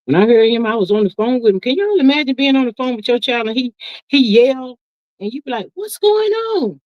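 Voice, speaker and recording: Calling everyone honey and child, a middle-aged woman hosts a live stream and reads viewer comments in a relaxed, folksy chat. Her voice runs on the high side, and she's emphatic and chatty, stretching into drawn-out asides. The audio is dry, a little muffled, and lo-fi.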